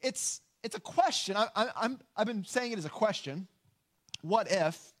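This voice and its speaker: High-voiced earnest male pastor preaching. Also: expressive. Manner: earnest, emphatic, slows down on key lines. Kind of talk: sermon.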